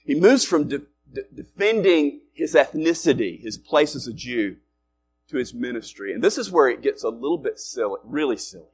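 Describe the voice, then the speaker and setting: A male pastor preaching a sermon in a conversational way, rising loud and dropping quiet to make his points. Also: mid-range voice, lively intonation, normal speed, slight background noise. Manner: conversational preaching with wide swings in loudness.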